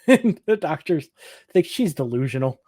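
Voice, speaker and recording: A man's voice: fairly high pitch, big pitch swings, slow pace, darkish tone, no echo. A man co-hosting a podcast, recapping an episode in casual chat, laughing often and acting out the characters' lines. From Michigan. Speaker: podcast co-host.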